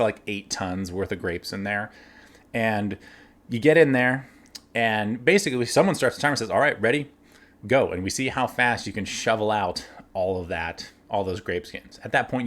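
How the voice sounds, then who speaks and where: A man casually telling workplace stories, animated, laughing now and then and acting out the lines of others. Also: lowish voice. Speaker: winery cellar worker telling stories. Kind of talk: casual storytelling.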